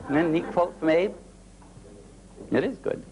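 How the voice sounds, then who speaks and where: A man giving a motivational talk, telling personal stories in a folksy, animated way with an occasional light laugh. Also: on the high side, normal speed, a little hiss or hum, low-quality recording. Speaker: motivational speaker. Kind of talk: storytelling keynote talk.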